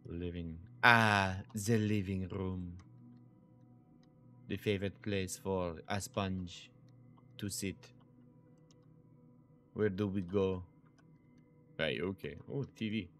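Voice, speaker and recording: A man's voice: low-pitched, fairly bright tone, a little hiss or hum. A young man commentating a horror game, joking, swearing and yelping when startled. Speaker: gaming video host. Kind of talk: let's play commentary.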